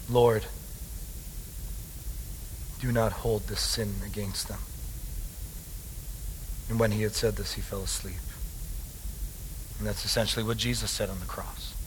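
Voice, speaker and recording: A man preaching a sermon as pastor, calling his listeners loved ones and swinging between hushed tones and loud, emphatic passages. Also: mid-range voice, a little hiss or hum. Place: church hall with a congregation. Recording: long hall reverb.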